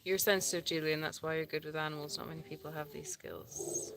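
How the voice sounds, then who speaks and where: A woman co-hosting a relaxed live chat, reading out viewer comments in a soft-spoken, giggly way. Her voice sits a little low for a woman. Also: fairly quick, background noise.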